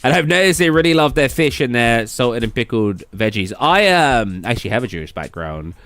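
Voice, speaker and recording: A man's voice: mid-range voice, sing-song, brisk, fairly bright tone, no room sound. A British man chatting casually on a live stream, rambling and reading out and answering viewers' messages. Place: indoors at a gaming computer.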